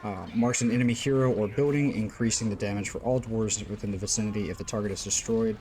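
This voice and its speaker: A man's voice: lowish voice, steady tone, fast talker, a little mellow, slight background noise. A man giving casual, rambling gameplay commentary as host of a gaming channel, full of fillers and the odd curse. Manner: rambling, lots of fillers, occasional swearing.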